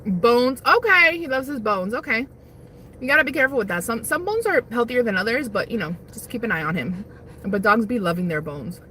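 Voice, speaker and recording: A woman's voice: a little high, expressive, a little fast, bright, forceful tone, slight background noise. A young woman hosting a casual livestream on her lunch break, rambling while she eats and reads chat. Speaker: livestream host. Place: parked car on lunch break.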